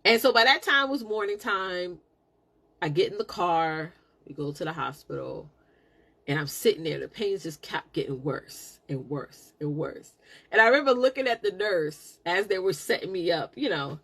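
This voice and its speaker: A middle-aged woman hosting a live stream, telling a personal story in a casual, animated, preaching way. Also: fairly low pitch, normal speed, breathy edge. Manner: animated, preachy, laughs a lot.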